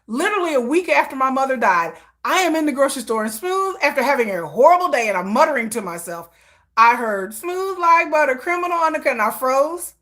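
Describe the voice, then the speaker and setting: Woman, livestream host, casual storytelling, high bright voice. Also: fairly quick. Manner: animated storytelling, acts out quotes, laughs often. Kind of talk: casual chat.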